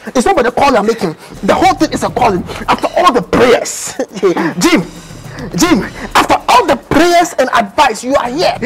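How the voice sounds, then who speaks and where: A man playing a boastful, greedy self-styled pastor who shouts and babbles mock tongues in a comedy sketch. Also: extremely high pitch, exaggerated voice. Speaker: comic pastor. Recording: noisy skit recording.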